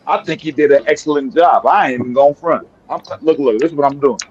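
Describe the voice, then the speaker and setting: A man's voice: fairly high pitch, fast talker, a little mellow, lo-fi sound, slight background noise. A heated man arguing on an online panel, swearing hard and stammering over repeated words. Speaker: panel guest. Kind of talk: heated live panel debate. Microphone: online call audio.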